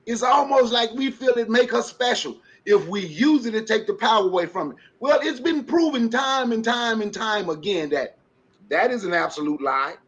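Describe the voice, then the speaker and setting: Fired-up guy on a livestream podcast, kinda high voice, muffled lo-fi audio. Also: lively intonation, normal speed, fairly bright tone. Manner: impassioned, preachy, with rhetorical questions and laughs. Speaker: panelist. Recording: dull lo-fi stream audio.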